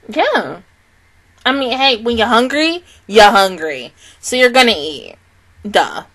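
A woman's voice: fairly high pitch, sing-song, takes it slowly, long pauses, a bit bright. A woman reacting casually to an anime episode, laughing often and speaking in loose slang.

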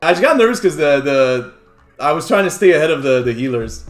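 A young man streaming a game live, excitable and swearing, swinging from loud cheers to annoyed muttering. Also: a little high, fairly quick. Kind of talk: live gameplay commentary.

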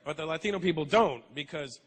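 A man doing a stand-up comedy routine, animated and acting out characters. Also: on the high side, quick pace, husky. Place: comedy stage. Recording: live stage with loud crowd laughter.

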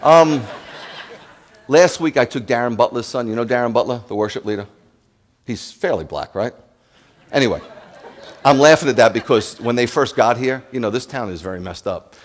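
Brief: New rabbi, lively and jokey sermon delivery, talks right at the congregation. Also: male voice, mid-range voice, moderate pace, long pauses, slight background noise. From New York. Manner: animated, joking, addresses the congregation directly.

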